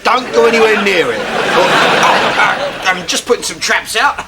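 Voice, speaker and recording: Blustering English pub landlord, loud noise. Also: male voice, high-pitched, lively intonation, unhurried. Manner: blustering, shouting in outbursts. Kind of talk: sitcom acting. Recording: sitcom audio with loud background noise and audience laughter.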